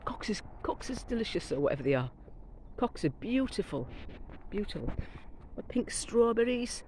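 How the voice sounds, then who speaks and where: A middle-aged woman strolls through her back garden with her phone, chatting and rambling about her plants. Her voice swoops lively between high and low and sounds soft and mellow. She is coming down with a cold, and faint outdoor noise sits behind her. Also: normal speed, low-quality recording. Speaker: gardening vlogger. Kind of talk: casual garden walk-through. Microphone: phone camera carried while walking.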